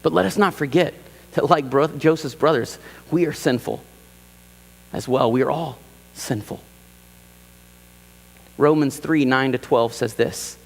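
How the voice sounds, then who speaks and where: A male pastor preaching a sermon in a church, animated and emphatic, repeating key phrases and acting out quoted lines. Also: mid-range voice, a little slow, vocal fry, long pauses, long reverb tail. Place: church sanctuary.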